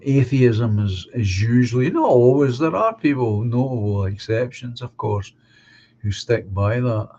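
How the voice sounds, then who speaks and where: A man hosting a live stream, chatting casually and giving opinions, halting and restarting as he talks. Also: medium pitch, animated, mellow. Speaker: live stream host reading viewer comments. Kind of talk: casual chat. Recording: dull lo-fi sound with faint hum.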